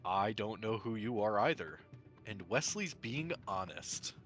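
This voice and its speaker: A man with a low but very bright, edgy voice, trading teasing jokes around a game table. Faint music plays underneath. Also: lively intonation, measured pace. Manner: dry teasing humor. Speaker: player. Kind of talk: playing a tabletop game with friends.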